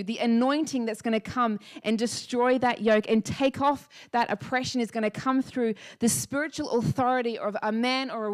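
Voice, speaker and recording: Passionate woman preaching a sermon. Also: on the high side. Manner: passionate testimony, rising to shouted declarations. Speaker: pastor.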